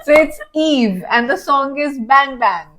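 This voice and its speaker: A woman's voice: high-pitched, unhurried, pushed and bright, rough recording. A woman co-hosting a music reaction video, chatting casually and laughing easily. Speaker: co-host of a reaction channel.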